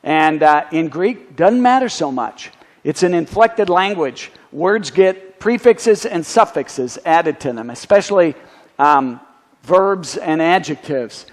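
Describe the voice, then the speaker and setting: A man's voice: fairly high pitch, lively intonation, slow pace. A man, a pastor, giving a teaching sermon that explains Greek words, with wry little asides. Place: church sanctuary. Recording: long church reverb.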